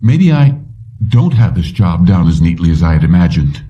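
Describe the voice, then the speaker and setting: A man's voice: deep voice, very animated, moderate pace, mellow, lo-fi sound. A man voicing an eager, ambitious young male police officer who speaks earnestly and emphatically.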